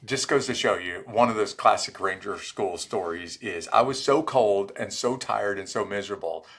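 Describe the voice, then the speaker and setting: A man's voice: on the low side, moderate pace. A middle-aged man, a former Army Ranger, telling stories in a podcast interview and acting out the dialogue. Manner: animated storyteller acting out quoted dialogue.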